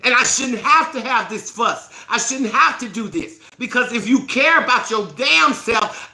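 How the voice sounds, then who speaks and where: Woman, live-stream host, angry profane rant, piercing bright voice, roomy echo. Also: on the high side, lively intonation, measured pace, few pauses. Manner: profane, scolding, forceful. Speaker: host of a self-help live stream challenge.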